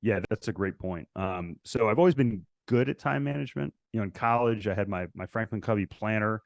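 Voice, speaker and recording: A man as a podcast guest, telling stories in a casual, animated way and acting out past conversations. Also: on the low side, a little fast, vocal fry, no room sound. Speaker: podcast guest, real estate investor. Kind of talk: casual interview storytelling.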